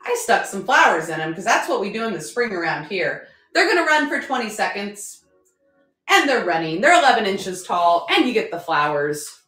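A woman's voice: mid-range voice, big pitch swings, moderate pace, fairly bright tone. A woman selling decor in a live auction stream, chatty, upbeat and joking as she goes. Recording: roomy echo.

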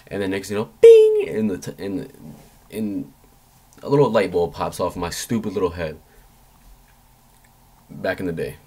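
A young man with a low voice tells a story to his vlog audience in a loose, rambling way. He swears freely and loses his train of thought often. When he quotes his own panicked thoughts, his voice jumps up high. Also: steady tone, normal speed, pauses often, a little mellow, breathy edge. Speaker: vlogger.

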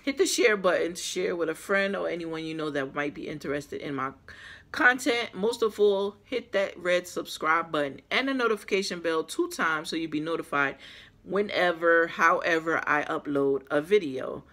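Female vlogger, hoarse from losing her voice, chatty unboxing talk to viewers, recorded on a tripod camera. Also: fairly low pitch, lively intonation, normal speed, a bit bright. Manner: chatty, addresses viewers as guys. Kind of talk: casual unboxing vlog. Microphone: camera on a small tripod.

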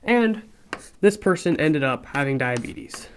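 A young man with a sore, raspy throat, talking quietly and casually as he explains a programming tutorial, with chatty asides. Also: a little high, expressive, a little slow, a little hiss or hum. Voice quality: raspy, hushed. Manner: talks quietly, chatty with asides and self-deprecating jokes. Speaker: programming instructor.

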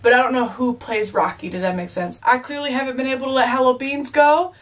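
A woman's voice: high voice, fairly even intonation, quick pace, far from the mic. A young woman chatting playfully as she reacts to a movie, with joking asides. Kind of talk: casual reaction commentary.

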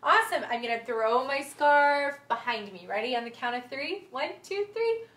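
A woman's voice: high-pitched, lively intonation, moderate pace, fairly bright tone. A young woman teaching a music and movement class to young children, playful and sing-song, singing often. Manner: sing-song, playful, many sung lines and vocal games. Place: indoor room, livestream. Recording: echoey room.

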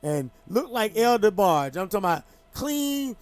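A man's voice: very high-pitched, unhurried, dry recording. A man hosting a talk show, telling stories in an emphatic, heated way with lots of restarts. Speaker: talk show host and former boxing champion. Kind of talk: casual talk show chat.

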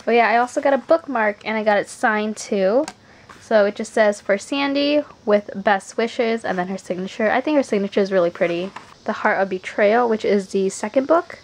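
A woman's voice: mid-range voice, moderate pace, slight background noise, rough recording. A young woman book vlogger, chatty and upbeat, filming herself on a phone. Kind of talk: casual vlog. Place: home.

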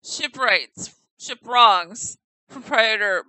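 A giggly, chatty woman giving casual commentary on a game house tour. Her voice is bright and fairly high, she takes her time, and the sound is dry and close. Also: animated, unhurried, creaky, pauses often, dry recording, poor audio. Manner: giggly, chatty, stumbles over names.

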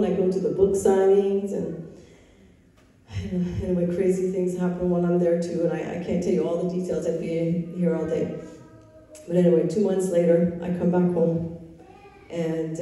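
A woman's voice: lowish voice, mellow. Woman telling a testimony in an echoey hall. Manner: earnest, emotional storytelling. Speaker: speaker sharing her testimony. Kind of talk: personal faith testimony. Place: live event room. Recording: echoey hall, picked up from far off.

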